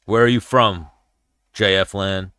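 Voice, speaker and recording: A man's voice: low voice, steady tone, unhurried, bright, forceful tone, smooth, dry recording, studio quality. A man hosting a casual livestream chat while watching fights, blunt, profane and rambling. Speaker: podcast host.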